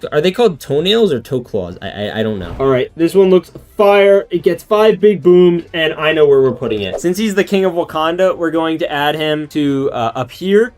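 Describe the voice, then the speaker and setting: A man hosting a toy unboxing video, chatting in a casual, excitable, slangy way. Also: medium pitch. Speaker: toy unboxing channel host.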